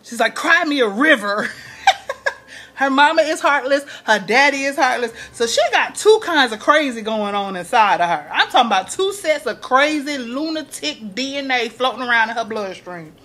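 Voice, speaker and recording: A woman recapping a TV episode in casual chat, acting out quotes and laughing often. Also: moderate pace. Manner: animated, acts out quotes in a higher voice, laughs often. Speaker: TV recap vlogger.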